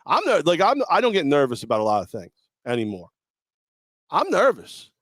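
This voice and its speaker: Male sports talk host, mid-pitched, very expressive, self-deprecating, dry studio sound. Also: fairly quick, no echo.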